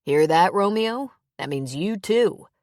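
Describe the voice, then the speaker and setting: A woman voicing Owen, a quiet and gentle grown man, in an audiobook, speaking softly and reassuringly. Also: animated, slow, no room sound, studio quality. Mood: warm. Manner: soft, reassuring, low-key. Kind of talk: audiobook character reading.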